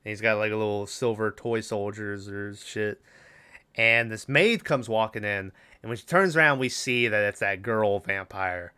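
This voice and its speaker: A man's voice: on the low side, normal speed, pushed and bright, clean tone. A man co-hosting a podcast, rambling through a casual movie recap with lots of fillers and swearing. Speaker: podcast co-host.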